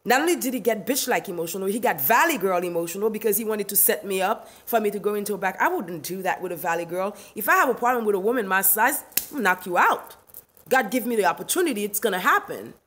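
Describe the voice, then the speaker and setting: A woman's voice: medium pitch, lively intonation, fast talker, fairly bright tone. A middle-aged woman from Haiti with a Haitian accent, hosting a live stream, ranting emphatically and indignantly, laughing often and answering viewers' comments. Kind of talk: livestream rant reading chat.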